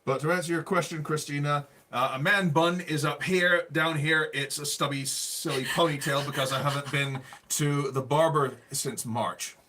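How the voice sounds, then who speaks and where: An English man co-hosting a livestream, chatting in a relaxed, hesitant way with many fillers. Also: fairly high pitch, normal speed, few pauses, slight background noise. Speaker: livestream co-host. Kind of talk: casual chat.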